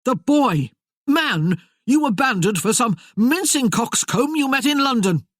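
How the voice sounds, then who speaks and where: A woman's voice: on the low side, big pitch swings, measured pace, slightly rough, no echo, exaggerated voice. Brief: woman voicing a spurned, melodramatic young man, voice trembling and raised, dry close sound. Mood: shouting. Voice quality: trembling, theatrical outbursts.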